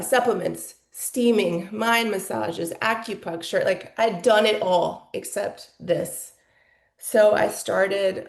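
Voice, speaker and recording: A woman's voice: mid-range voice, gravelly, reverberant. A woman in her forties telling her personal story as a podcast guest, candid and emotional, with lots of "like" fillers. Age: 40s.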